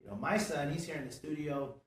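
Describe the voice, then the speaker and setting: A man's voice: a little high, fast. A man hosting a casual motivational chat in a studio, talking in an earnest, preachy way and leaning on "you know" a lot. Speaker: show host and business owner. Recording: roomy, distant from the mic.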